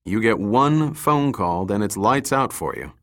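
A man voicing a steady, gently teasing male agent in an audiobook. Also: on the low side, measured pace. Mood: easygoing.

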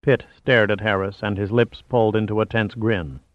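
Man narrating an audiobook, steady. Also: lowish voice, normal speed, no room sound, phone-quality sound. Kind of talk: scripted narration.

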